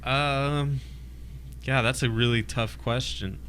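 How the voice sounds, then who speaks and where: A man's voice: medium pitch, steady tone, takes it slowly, a bit bright, clean tone. A man co-hosting a podcast in casual chat, joking and restarting his sentences. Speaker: podcast co-host.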